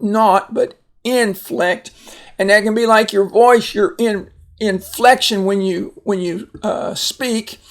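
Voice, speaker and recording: A male teacher giving a recorded phonics lesson, slow and patient, with many fillers and restarts. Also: high-pitched.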